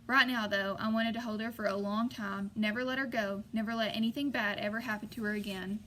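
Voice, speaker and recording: A woman's voice: mid-range voice, fairly even intonation, brisk, fairly bright tone, a little hiss or hum. A woman narrating a novel in the first person, voicing the characters lightly. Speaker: audiobook reader.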